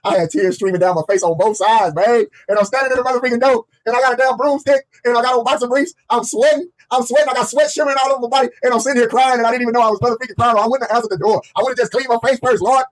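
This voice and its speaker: A man telling a comedic personal story in an animated, profane way, repeating himself often. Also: very high-pitched, racing, few pauses. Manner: animated, profane, heavily repetitive.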